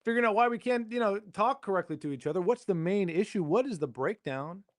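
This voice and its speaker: A man's voice: sits high, lively intonation, fast. A man hosting his own podcast, rambling through a jokey solo monologue and questioning himself as he goes. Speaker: podcast host.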